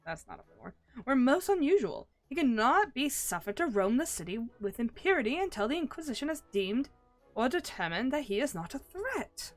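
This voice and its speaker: A woman's voice: sits high, sing-song, moderate pace, faint music behind, voice pushed up. Woman doing a stern officious inquisitor. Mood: exasperated. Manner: formal, commanding legal phrasing.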